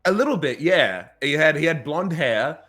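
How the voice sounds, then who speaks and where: A man telling a story in casual chat, animated, swearing freely and often laughing. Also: a little high, normal speed, soft background music.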